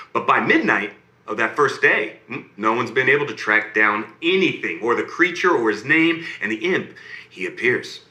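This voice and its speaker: A man telling a bedtime fairy tale, his voice leaping high and low through every line and pausing often to check in with "okay?" and "right?". His tone is bright and piercing, and a roomy echo surrounds him. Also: very animated. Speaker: storyteller reading to a child. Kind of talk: bedtime story narration.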